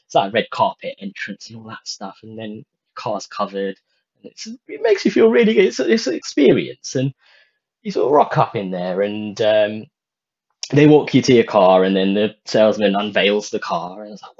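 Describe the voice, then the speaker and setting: A man casually telling a personal story, animated and swearing when he gets worked up. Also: medium pitch, normal speed, husky. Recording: dull lo-fi sound.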